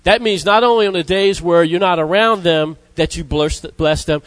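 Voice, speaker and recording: A man preaching a sermon, emphatic, repeating key words and reading scripture slowly. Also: no room sound, poor audio. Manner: emphatic, repeats words, rises in pitch for stress; reads scripture slowly in old-fashioned wording.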